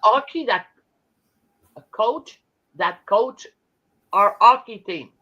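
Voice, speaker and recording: A bright-voiced woman with a French Canadian accent chats slowly on a live stream. She stops and restarts a lot, and the audio comes through dull and lo-fi. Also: mid-range voice, expressive, husky. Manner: chatty, halting with restarts, talks with her hands. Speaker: host. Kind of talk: casual live-stream chat.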